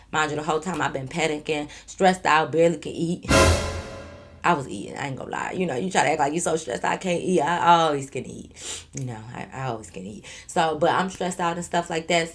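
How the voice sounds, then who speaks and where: A woman with a slightly low voice tells a story to her camera in a casual vlog. She is animated and blunt, swears freely and keeps turning to her audience. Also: brisk, soft background music. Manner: addresses viewers directly. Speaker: YouTube storyteller.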